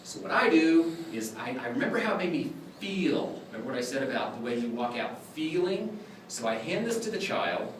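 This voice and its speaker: Lively, jokey man in an echoey room. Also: on the high side, brisk. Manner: animated, jokey, acts out exchanges with kids. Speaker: clown magician lecturer. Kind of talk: demonstrating magic tricks to a class. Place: lecture room. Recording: echoey room, far from the mic, background noise.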